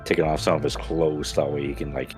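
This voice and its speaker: Very deep-voiced man playing a tabletop game. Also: level tone, fast talker, a little mellow, soft background music. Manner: loose, filler-heavy description of actions. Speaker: player. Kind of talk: casual tabletop play.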